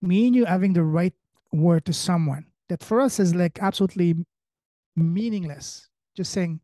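A man hosting a podcast conversation, speaking in a halting, motivational way as he searches for words. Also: sits high, mellow, no room sound. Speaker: podcast host.

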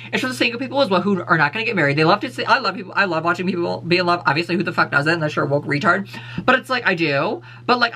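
Brief: male vlogger, rapid sassy profane rant, bright tense tone. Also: on the high side. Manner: sassy, profane, blunt ranting. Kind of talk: casual opinion rant.

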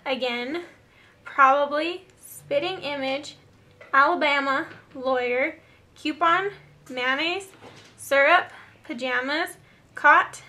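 A woman's voice: high voice, bright, forceful tone. A young woman chatting upbeat to her viewers in a casual vlog, reading out a word list. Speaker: beauty vlogger.

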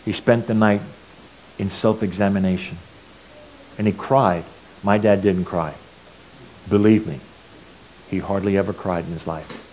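A middle-aged man giving a personal testimony at church, telling stories earnestly and swinging between loud and quiet. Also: lowish voice, slight background noise, rough recording. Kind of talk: sermon testimony.

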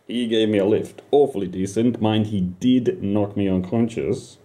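A man's voice: lowish voice, moderate pace, warm tone. A man telling an absurd comic story about himself in the first person, rambling, swearing and talking back to his listeners.

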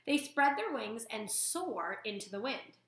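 A woman voicing a patient female robot mother who speaks in a measured, formal way. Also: on the high side, very animated, fairly bright tone, echoey room. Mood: instructive.

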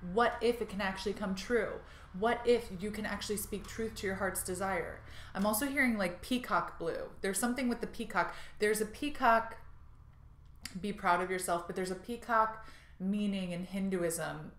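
A woman's voice: mid-range voice, a little hiss or hum. Bubbly woman reading cards in a roomy space. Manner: bubbly, gushing, laughs often, many fillers. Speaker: tarot and intuitive card reader. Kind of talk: channelled card reading to viewers. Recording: roomy echo.

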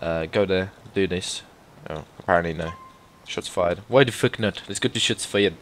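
A man giving casual gameplay commentary, excitable and swearing often, breaking into loud exclamations and rambling asides to his viewers. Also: low voice, normal speed, a little hiss or hum. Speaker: gaming YouTuber.

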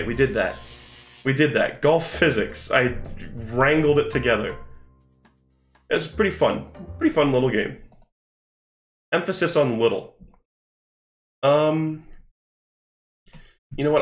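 Casual male game streamer, talkative and profane, echoey room with faint music behind. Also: mid-range voice. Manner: chatty, thinks aloud, swears casually. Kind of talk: live game-stream commentary.

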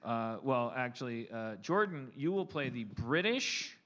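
A podcast host riffs his way through banter at a live comedy show in a theater, stammering and rambling playfully for the audience. His medium-pitched voice is very animated, a little slow, and a bit bright.

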